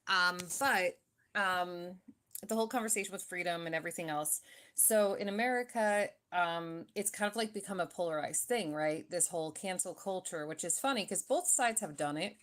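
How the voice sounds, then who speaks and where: A woman's voice: lowish voice, normal speed, a bit bright. A woman in her thirties from New Jersey, chatty and jokey in a casual online debate over a video call. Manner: chatty, jokey, self-deprecating.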